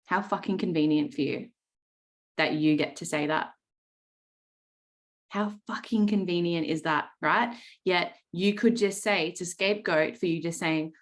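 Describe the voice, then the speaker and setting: A woman's voice: lowish voice, a little slow. An Australian woman in her thirties coaching traders on a video call, blunt and swearing freely, often checking in with "right?". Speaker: trading coach. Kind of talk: live coaching session talk.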